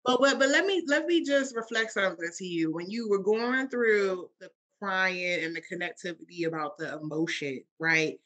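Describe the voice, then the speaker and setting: A woman's voice: medium pitch, moderate pace, few pauses, fairly bright tone. A woman co-hosting a podcast as a coach, asking probing questions and reflecting answers back in a playful, casual way.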